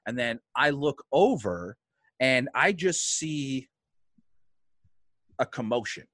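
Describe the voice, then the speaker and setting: A man hosting a podcast, telling a story in casual chat with animated delivery and plenty of swearing. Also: medium pitch, slow pace, dry recording, clean studio sound. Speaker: podcast host.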